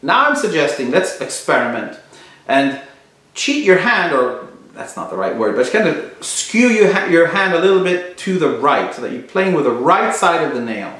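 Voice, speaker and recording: Male guitar teacher, thoughtful and halting, slightly high voice, room with heavy echo, guitar playing in between. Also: sing-song, a bit bright, slight background noise. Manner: thoughtful, searching for words, many restarts. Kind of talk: instructional explanation. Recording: very echoey room.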